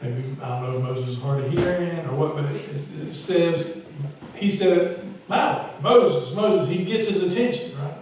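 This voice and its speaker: Male pastor, chatty sermon delivery with self-mocking humor; slightly high pitch, distant mic in a reverberant church. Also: normal speed, hardly any pauses, slight background noise. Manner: conversational, self-deprecating humor, rises to loud emphasis. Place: church sanctuary.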